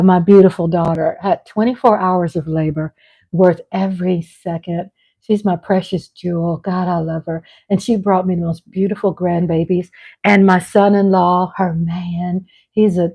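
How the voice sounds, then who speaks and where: A middle-aged woman hosting her vlog at home, chatting casually with viewers; animated and gushing, laughing often and swinging from loud excitement to soft tenderness. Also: mid-range voice, low-quality recording. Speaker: vlog host. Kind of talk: casual live chat with viewers. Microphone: on a mic at home.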